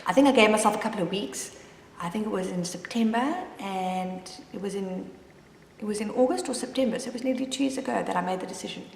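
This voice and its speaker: A woman's voice: mid-range voice, fast talker, creaky, darkish tone, a little hiss or hum. A woman speaking as a mother who tells her own story in a candid, rambling way, restarting her sentences often. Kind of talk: personal confessional vlog. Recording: roomy with long reverb.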